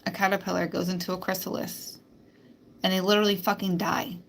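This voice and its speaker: A woman's voice: medium pitch, level tone, brisk, vocal fry, slight background noise. A woman hosting a spiritual live stream, talking bluntly and emphatically with plenty of swearing. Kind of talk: casual live-stream monologue.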